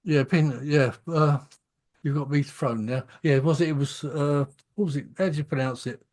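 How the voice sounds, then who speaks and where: A man's voice: on the high side, fairly even intonation, normal speed, darkish tone. A man hosting a casual chat, conversational and hesitant, with many fillers. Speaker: radio host.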